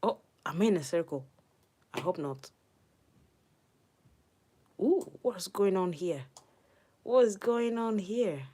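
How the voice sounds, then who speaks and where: A woman giving live gameplay commentary as a channel host, excitable, squealing at the game and dropping to hushed, muttered asides. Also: mid-range voice, takes it slowly, long pauses, breathy edge. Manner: excitable, squealing and talking to the game's players.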